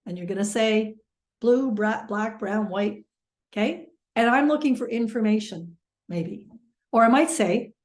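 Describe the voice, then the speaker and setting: Woman mediation trainer, lively and example-driven, slightly high voice, roomy sound. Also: measured pace. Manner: lively, illustrates with everyday examples. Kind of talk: webinar teaching talk.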